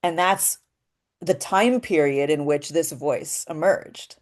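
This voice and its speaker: A woman's voice: sits low, takes it slowly, a little mellow. A woman voice actor giving a reflective, spiritual talk in an earnest way, often checking in with a rhetorical "right?". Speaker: voice actor and workshop speaker.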